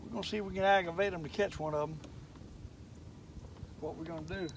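An older man, hosting a fishing vlog from a boat, talking to viewers in a folksy, excitable way. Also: on the high side, quick pace. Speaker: fishing channel host. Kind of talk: casual fishing vlog narration. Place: outdoors on a boat on a lake. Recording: outdoor boat noise, mic at a distance.

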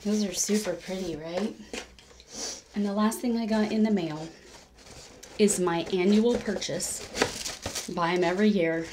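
Woman rambling about her stitching, lots of little restarts and laughs, mid pitch. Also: fairly even intonation, measured pace, long pauses, noisy background. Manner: chatty and rambling, with frequent self-corrections and laughter. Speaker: cross-stitch vlogger. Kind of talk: casual crafting vlog chat.

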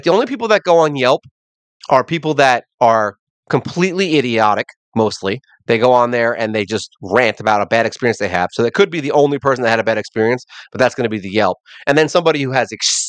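Fast-talking rambling male podcaster. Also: medium pitch, no room sound. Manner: rambling, animated storytelling that acts out customers. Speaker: podcast host. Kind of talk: casual solo podcast rant.

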